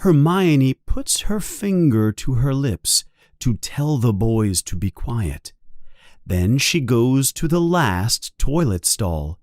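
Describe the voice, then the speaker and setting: Man, audiobook narrator, slow careful reading, lively pitch, dry close sound. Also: no echo. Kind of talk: scripted narration for English learners.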